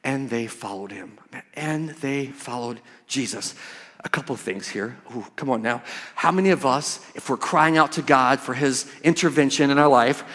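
A man's voice: medium pitch, moderate pace. Preaching man in a reverberant church. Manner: emphatic, swings from hushed to loud. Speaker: pastor. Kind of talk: sermon.

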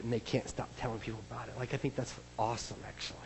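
A man preaching a sermon in a conversational, animated way, his delivery swinging from loud outbursts to hushed asides. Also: medium pitch, fast, gravelly, a little hiss or hum. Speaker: pastor. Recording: long hall reverb.

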